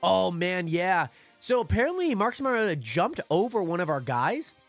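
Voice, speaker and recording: A young man with a slightly higher-than-usual voice hosts a football watch party stream. He talks through the plays casually, then erupts into excited yelling on big moments. Faint music plays in the background. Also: normal speed. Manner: swings from calm play-by-play to shouting with excitement. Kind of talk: excited live football commentary.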